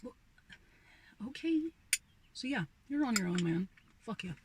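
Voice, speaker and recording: A woman's voice: a little high, very animated, a little slow, noisy background. A young woman vlogger ranting casually about her old job, swearing freely and sighing often. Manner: profane, ranting, sighs often. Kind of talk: casual rant.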